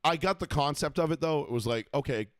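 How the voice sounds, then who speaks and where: A man's voice: fairly high pitch, animated, quick pace, no echo. Man, podcast co-host, profane ranting, dry close sound. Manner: blunt, swears freely, ranting storyteller. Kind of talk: casual profane chat.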